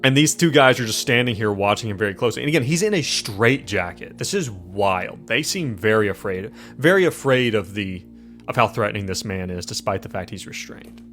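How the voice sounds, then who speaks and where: A low-pitched man runs a tabletop horror game, narrating scenes in a loose, rambling way. Faint music plays under the session. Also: expressive, a little fast, a bit bright. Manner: rambling, with frequent fillers. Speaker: game master.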